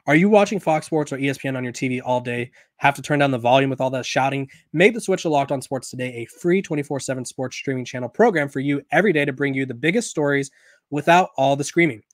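A man's voice: mid-range voice, no room sound, studio quality. A man hosting a sports podcast in a casual, conversational way, often restarting and correcting himself, while he has the hiccups. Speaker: podcast host.

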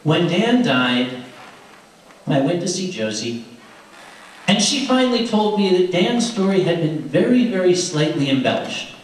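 A man tells anecdotes to a convention crowd in a lively, fairly high voice that rises and falls a lot. He talks conversationally with restarts, and the sound is echoey and far from the mic with faint noise. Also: measured pace. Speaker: storyteller. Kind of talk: anecdotal storytelling to a live audience. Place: convention room.

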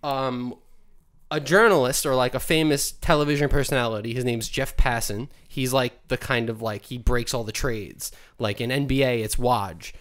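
Young male podcast co-host, animated storyteller, casual and profane. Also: medium pitch, normal speed. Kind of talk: casual chat.

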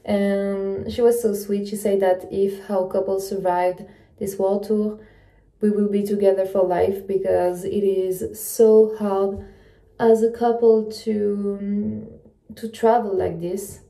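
Dark-voiced woman vlogging, slow and halting. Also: medium pitch, flat delivery, creaky. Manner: chatty, slightly halting with restarts. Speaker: travel vlogger. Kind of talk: casual vlog narration.

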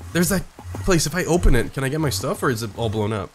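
A young man doing live gameplay commentary, excitable and foul-mouthed, yelping and laughing at every surprise. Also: medium pitch, racing, music in the background. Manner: excitable, swears a lot, yelps and laughs at surprises. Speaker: game streamer.

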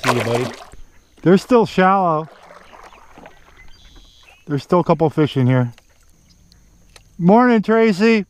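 A man filming himself bass fishing from a boat outdoors, cheering on every catch with casual commentary. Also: slow, long pauses. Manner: excited, cheers on fish with stock phrases. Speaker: fishing vlogger.

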